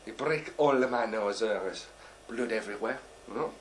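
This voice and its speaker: A man playing a bumbling, boastful male deep sea diver who tells a comic story in halting, broken English, rambling and full of fillers. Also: a little hiss or hum, close to an everyday voice. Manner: rambling, full of "uh" and "you know". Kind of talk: character stand-up monologue.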